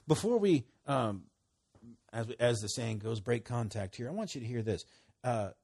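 A man delivering a sermon with a folksy, conversational warmth of phrasing. His voice sits at an ordinary middle pitch. He quotes scripture slowly, then jumps up in sudden emphatic exhortations. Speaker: preacher.

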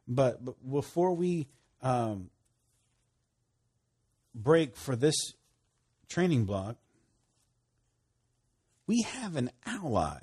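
Man, preacher, sermon, husky, animated pitch, emphatic. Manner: emphatic, swings between loud bursts and hushed lines. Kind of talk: sermon teaching.

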